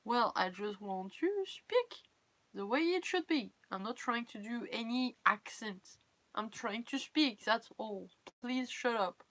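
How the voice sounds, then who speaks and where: A woman's voice: fairly high pitch, expressive, a little slow, a bit bright, dry recording. A young woman from France with a French accent, chatting casually and candidly on a live stream in English, her second language. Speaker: cosplay livestreamer.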